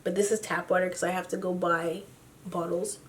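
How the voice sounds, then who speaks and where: A woman's voice: on the low side, flat delivery, brisk. A young woman vlogging casually to camera, gushing and rambling with lots of fillers, swearing freely and sounding tired. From Canada. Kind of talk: casual storytime chat to camera.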